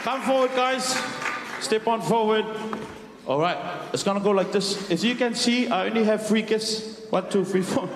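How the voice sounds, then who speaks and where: A man's voice: sits high, moderate pace, background noise. A man working as MC at a dance show, teasing kids on stage and hyping up the crowd. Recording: echoey hall with music and crowd. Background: music and an audience.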